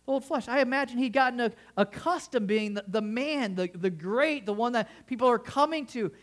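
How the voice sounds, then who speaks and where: A male pastor preaching a sermon in a conversational way, often restarting phrases and asking the congregation questions. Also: sits high.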